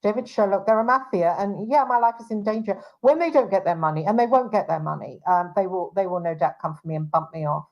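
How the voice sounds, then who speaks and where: An agitated woman hosting a casual talk show, voice at an ordinary middle pitch. She talks in an indignant rush, restarting sentences and trailing off into fillers. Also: quick pace, few pauses, dull audio. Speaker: show host and private investigator.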